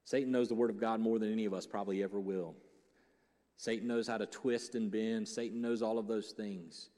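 A male pastor preaching in a big hall with a long, ringing reverb. His voice sits fairly low, and he jokes loudly, then slows to a soft hush. The sermon is lively and conversational. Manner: animated and joking, swings from loud punchlines to hushed, slow reflection.

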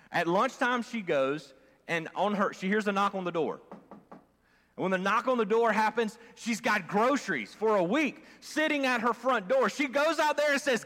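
Animated male preacher, high voice, conversational sermon in a reverberant church. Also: moderate pace. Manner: conversational, calls for audience response. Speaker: pastor. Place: church sanctuary. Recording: long church hall reverb.

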